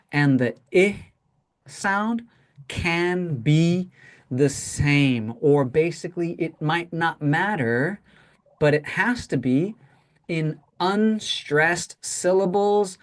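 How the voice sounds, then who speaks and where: Man teaching English pronunciation. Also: a little high. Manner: explains patiently, checks in with "right?" often. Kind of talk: teaching a class.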